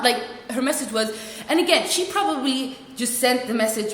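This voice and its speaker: A young woman rambling through a funny work story, self-mocking and jumping into squeaky voices for quotes. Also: a little fast, a bit bright. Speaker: vlogger. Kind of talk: casual storytelling vlog. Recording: echoey room with long reverb.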